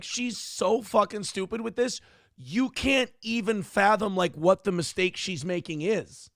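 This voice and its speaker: A man's voice: sits high, creaky, dry recording, clean studio sound. A man hosting a live-stream commentary show, talking in a sarcastic, profane, mocking way. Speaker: show host.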